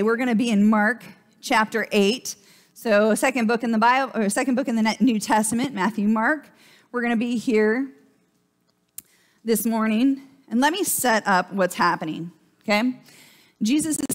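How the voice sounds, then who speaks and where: A woman pastor preaching a sermon in a church, in a chatty, conversational way and often checking in with "right?". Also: on the high side.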